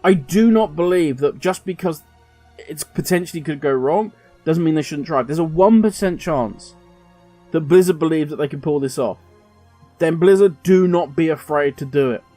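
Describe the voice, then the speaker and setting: A man's voice: a little high, moderate pace, faint music behind. A man hosting a gaming video, giving impassioned opinion commentary. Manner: impassioned, animated.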